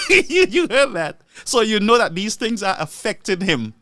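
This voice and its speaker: A man's voice: high voice, measured pace, no room sound. A man giving live political commentary, laughing often and repeating words for emphasis. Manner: animated, laughs often between phrases.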